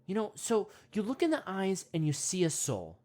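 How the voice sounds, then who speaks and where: A woman playing an excitable male self-help podcast host who rambles, repeats himself and trails off mid-thought. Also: medium pitch, moderate pace. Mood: worked up. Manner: rambling, repeats words, trails off, grunts monkey noises. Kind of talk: comedic parody meditation podcast.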